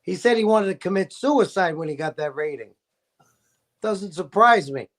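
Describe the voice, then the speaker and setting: A man's voice: high voice, expressive, normal speed, fairly bright tone. A man talking as a guest in a casual chat, telling an enthusiastic story.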